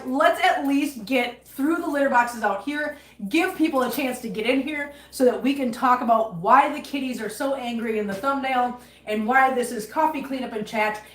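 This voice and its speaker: A woman's voice: a little high, a bit bright, echoey room. A woman hosting a casual livestream from her home kitchen while she cleans, chatty and emphatic, upset and holding back tears. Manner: chatty, emphatic, repeats herself when upset. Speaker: cat channel livestream host.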